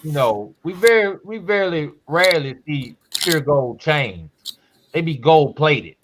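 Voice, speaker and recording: A man hosting a podcast who reads a scripture text aloud slowly and emphatically, breaking off for casual asides. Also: a little high, animated, noisy background. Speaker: podcast host.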